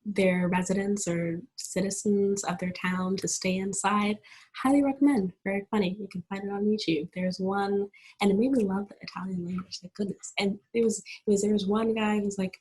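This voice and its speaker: A woman's voice: medium pitch, steady tone, normal speed, a little mellow, slightly rough, poor audio. A woman hosting a podcast from home, chatting casually with many fillers and restarts. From United States. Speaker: podcast host. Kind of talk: casual solo podcast talk. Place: at home with family in the background.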